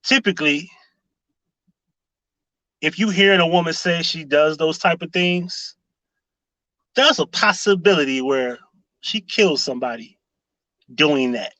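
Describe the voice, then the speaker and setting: Male streamer, high bright voice, sarcastic questions, dry close sound. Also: a little slow, long pauses, dry recording, low-quality recording. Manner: sarcastic rhetorical questions, greets chatters. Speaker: livestream commentary host. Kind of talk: casual live-stream commentary.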